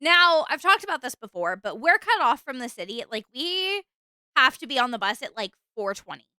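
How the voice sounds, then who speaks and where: Young woman streamer just chatting, high lively voice, dry close mic. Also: normal speed, clean tone, no room sound. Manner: chatty, rambling, animated, with fillers and bursts of exasperation. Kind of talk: casual chat with stream chat.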